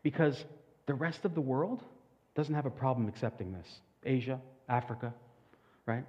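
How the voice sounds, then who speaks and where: A male pastor delivers a sermon in a large hall, his voice trailing off into long reverb. He talks earnestly and builds to loud, emphatic peaks. The recording sounds slightly muffled. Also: mid-range voice, normal speed.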